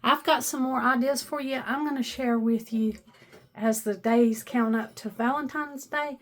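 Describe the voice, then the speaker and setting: At home in her kitchen, an Appalachian-accented woman gives a casual show-and-tell vlog, chatting homily through her decorations. Her voice is a little high, with a steady tone and a measured pace, and her homey, chatty style is sprinkled with frequent "uh"s.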